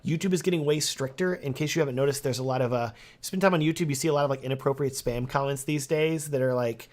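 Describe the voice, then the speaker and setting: A man's voice: mid-range voice, fast. Chatty young man on a live stream. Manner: animated, talkative, reading comments aloud.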